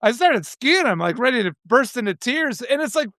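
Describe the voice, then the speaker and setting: In a casual live video talk, a male host with a very high-pitched, somewhat bright voice speaks at normal speed, very animated. His stories pour out in an emotional, rambling stream. The recording is dry and close, with almost no room sound around him.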